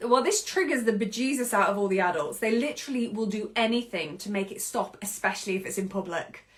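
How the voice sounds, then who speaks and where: A British woman in her thirties hosting a podcast, speaking in an expressive reflective monologue and often laughing. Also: mid-range voice, fast talker. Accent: British English. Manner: expressive, acts out quoted voices, laughs often. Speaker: podcast host.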